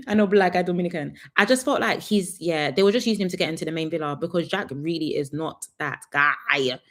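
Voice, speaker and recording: A woman's voice: low voice, a little fast, hardly any pauses, a bit bright. A young woman, chatting sassily through a live reality TV review and laughing often.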